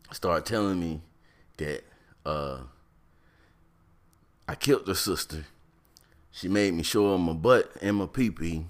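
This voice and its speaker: A man telling a childhood story in a casual, animated, slangy way, acting out the other people with high put-on voices.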